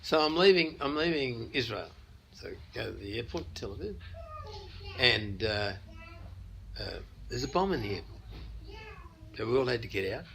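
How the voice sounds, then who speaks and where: An older Australian man in an interview, telling stories in a relaxed, anecdotal way. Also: mid-range voice, moderate pace, creaky, long pauses, slight background noise, poor audio. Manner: anecdotal, many restarts and chuckles. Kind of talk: casual storytelling.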